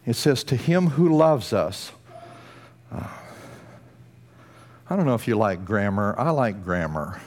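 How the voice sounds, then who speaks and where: A man preaching a sermon from a church, emphatic, building to bursts of intensity and then dropping low and slow. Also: animated, darkish tone. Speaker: pastor.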